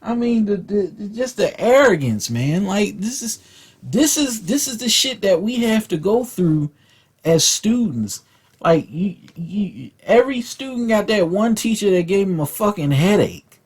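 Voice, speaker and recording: Man, casual rant host, husky, animated pitch, profane and repetitive. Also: measured pace. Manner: profane, repeats words while telling a story. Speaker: vlog host.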